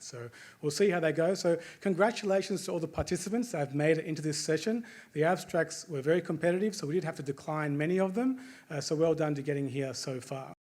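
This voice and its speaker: A man's voice: a little high, darkish tone. Chatty Australian man hosting an event. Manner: jokey, chatty, asks the crowd questions. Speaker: event host. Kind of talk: live emcee address to an audience.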